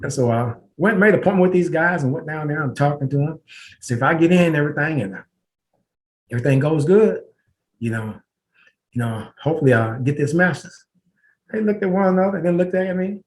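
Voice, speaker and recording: A middle-aged man spins his story as a guest on a podcast, with a fairly high, lively voice. He moves quickly from one remembered conversation to the next and plays out each exchange as he goes. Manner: lively storyteller who acts out dialogue with laughter. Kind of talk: storytelling in an interview.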